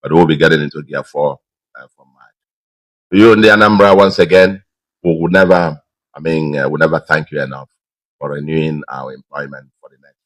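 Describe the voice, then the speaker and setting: A middle-aged man with a Nigerian accent giving an emphatic, measured victory speech as governor, with frequent fillers. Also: very deep voice, fairly even intonation, dry recording, low-quality recording. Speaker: state governor.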